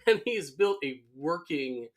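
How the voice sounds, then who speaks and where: A man's voice: fairly high pitch, a little slow. A man co-hosting a podcast, chatting casually about a cartoon episode, acting out quotes and laughing often. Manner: animated, acts out character quotes, laughs often. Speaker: podcast co-host.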